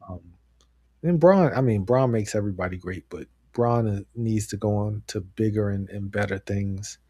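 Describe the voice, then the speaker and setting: A man co-hosting a podcast, talking casually and excitedly, rambling with frequent laughs. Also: fairly low pitch, normal speed, breathy edge, dry recording, studio quality. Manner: animated, rambling, laughs often. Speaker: podcast co-host. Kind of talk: casual wrestling chat.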